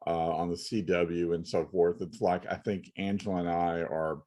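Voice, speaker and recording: Male host, very low voice, polite interviewer style. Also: little pitch movement, normal speed, warm tone. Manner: polite, cuts in to ask a question. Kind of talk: interview questions.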